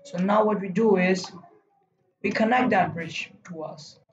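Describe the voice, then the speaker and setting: A man giving live commentary while streaming a game, urging himself on and breaking into loud whoa and no cries. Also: sits high, measured pace, roomy sound, lo-fi sound. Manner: talks to himself and urges teammates on. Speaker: gaming streamer.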